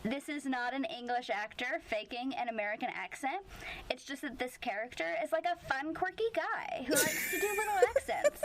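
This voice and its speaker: A woman podcast co-host chats playfully about a TV show, joking and riffing. Her voice is notably high. A faint hiss sits under the recording. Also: expressive, normal speed, rough recording. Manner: playful, jokey, slips into silly voices for quotes. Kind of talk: casual chat.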